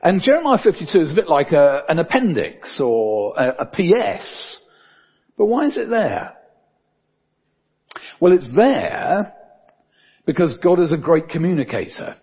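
An older man preaching a sermon in a conversational way, with many fillers and soft dips for emphasis. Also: fairly high pitch, sing-song, measured pace, pauses often, breathy edge, muffled recording.

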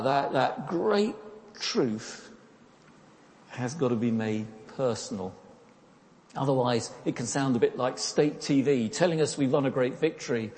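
With a mellow, warm, medium-pitched voice, a man delivers a sermon at an unhurried pace, keeping things relaxed and chatty. He throws questions at his listeners and trips over repeated words, all ringing out in a church hall's long reverb.

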